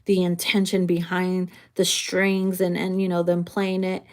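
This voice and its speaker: A woman's voice: fairly low pitch, monotone, measured pace. A woman doing a tarot reading in a casual, bawdy, playful way, laughing often and tossing in slangy asides. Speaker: tarot reader.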